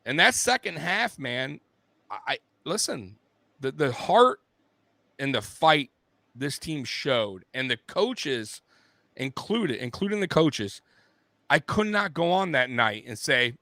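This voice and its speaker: A man's voice: a little high, big pitch swings, slow, sharp tone, dry recording. A man hosting a sports show, ranting bluntly and with heavy profanity, like a fired-up fan. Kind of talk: casual sports rant.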